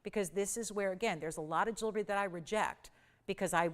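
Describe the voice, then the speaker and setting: A woman's voice: medium pitch, fast talker. A woman in her forties hosting a live TV jewelry shopping show, gushing and chatty, often breaking off mid-sentence. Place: TV studio.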